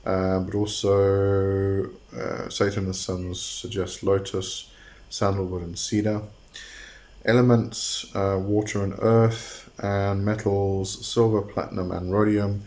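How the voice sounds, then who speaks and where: A man's voice: low voice, level tone, takes it slowly, darkish tone. A man hosting his own channel, explaining a topic in a casual, hesitant way with many fillers and restarts. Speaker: host.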